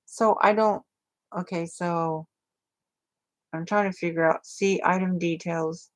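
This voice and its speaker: Speaking slowly in a lowish voice with fairly even intonation, a woman hosts a crafting livestream. She rambles in casual chat with her viewers, her speech full of fillers.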